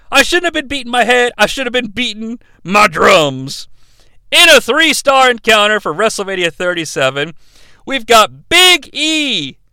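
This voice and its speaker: Lively, bright-voiced comedic podcast man. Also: high-pitched, clean tone, no room sound. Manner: animated, sarcastic, shouts for comic emphasis. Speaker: podcast host. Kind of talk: comedic wrestling podcast rant.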